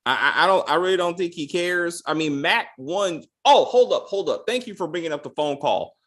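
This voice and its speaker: Male recap host, slightly high voice, profane and rambling, lots of restarts. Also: lively intonation, fairly quick, a bit bright. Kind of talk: casual TV recap.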